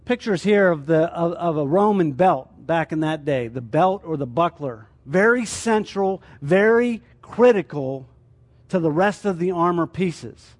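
A man's voice: sits high, animated, measured pace. A man teaching a sermon as a church teacher, explaining his points through rhetorical questions.

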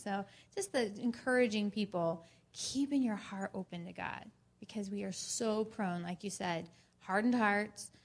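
A woman in a church group sharing an earnest personal testimony, telling her story in an animated way. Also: medium pitch.

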